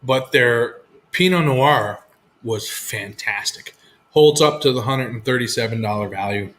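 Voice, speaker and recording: A man's voice: medium pitch, unhurried, fairly bright tone. A man hosting a casual live whisky chat, laid-back and swearing freely as he tells stories. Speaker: whisky show host.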